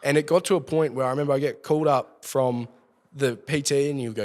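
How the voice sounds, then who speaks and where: Australian man, mid-pitched, loose and profane storyteller, recorded with a long reverb tail. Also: normal speed, pauses often. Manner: swears constantly, rambling storytelling. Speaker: podcast guest. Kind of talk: casual storytelling.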